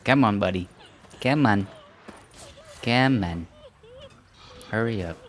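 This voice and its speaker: A man's voice: fairly low pitch, takes it slowly, a little hiss or hum. A man giving casual, rambling commentary over a game he is streaming, chatting and joking along with it. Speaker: let's play streamer. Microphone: desk microphone.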